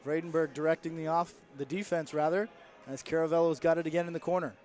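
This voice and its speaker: Male play-by-play caller, fast and lively, a touch higher than most men. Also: soft background music. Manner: rapid play-by-play, rising with the action. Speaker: play-by-play commentator. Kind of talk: sports commentary.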